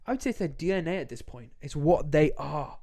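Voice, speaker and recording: A young man, co-hosting a casual football podcast, animated and quick, acting out quotes as he goes. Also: on the high side, vocal fry. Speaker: podcast co-host.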